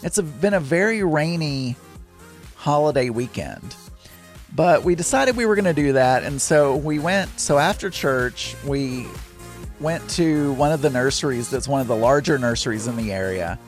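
Lively chatty man telling a story. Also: mid-range voice, normal speed, faint music behind. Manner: chatty, rambling, exasperated asides. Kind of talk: casual storytelling monologue.

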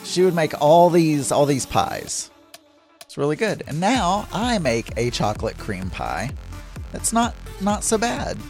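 Faint music sits behind this man's fairly high, sing-song, darkish voice, which moves unhurriedly. Hosting a casual solo podcast from Arkansas, he reads out listener messages, chatty and self-deprecating, with frequent laughter and restarts.

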